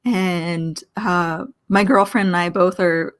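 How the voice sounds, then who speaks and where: A woman's voice: fairly low pitch, takes it slowly. Chatty woman guest telling stories. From Philadelphia. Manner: chatty, animated anecdotes with quoted dialogue. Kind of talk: casual storytelling chat.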